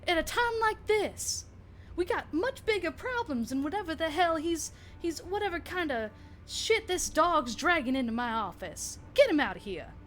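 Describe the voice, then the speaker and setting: A woman's voice: mid-range voice, a little fast, few pauses, soft background music, close to an everyday voice. A woman voicing a brash, foul-mouthed woman doctor who is short on patience. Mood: irritated. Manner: sharp, cursing, raised.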